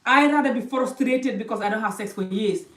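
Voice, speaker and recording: A woman's voice: fairly high pitch, a little fast, a bit bright. Emphatic woman preaching in an echoey room. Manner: emphatic, preachy, repeats phrases for stress. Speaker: vlogger giving life advice. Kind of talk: impassioned monologue to camera. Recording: echoey room, voice a bit distant from the mic.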